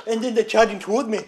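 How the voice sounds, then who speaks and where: A man telling a rambling comic story as a stand-up comedian, excitable and profane, often laughing at his own bits. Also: sits high, creaky, heavy background noise.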